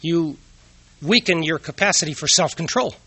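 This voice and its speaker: A man's voice: on the high side, normal speed, sharp tone, husky, no room sound. A man giving an earnest moral talk, telling personal anecdotes and asking rhetorical questions.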